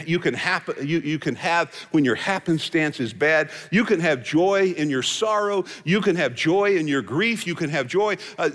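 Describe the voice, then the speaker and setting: A man giving a sermon as pastor, folksy and joking. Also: a little high. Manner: folksy, joking, animated delivery. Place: large hall with musicians. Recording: hall reverb from live service.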